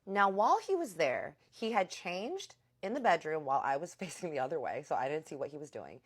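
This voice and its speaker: A young adult woman telling a personal story in a chatty, animated way, acting out what people said. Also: sits low, fairly quick. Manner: chatty, animated retelling with acted-out quotes. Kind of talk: casual storytime vlog.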